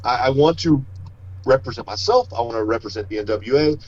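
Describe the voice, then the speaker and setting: A middle-aged wrestler, interviewed as a guest, tells stories in a rambling, self-correcting way, often restarting his sentences. His medium-pitched voice is animated and fairly quick, with no room sound, in slightly dull lo-fi audio.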